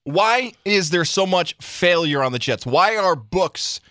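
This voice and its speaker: A man co-hosting sports radio who is playful and quizzes his partner. His pitch swings widely and sits a little high, and his voice is bright and cuts through. The sound is dry and close in the studio. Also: animated, unhurried, dry recording. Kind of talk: casual sports radio talk. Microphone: studio microphone.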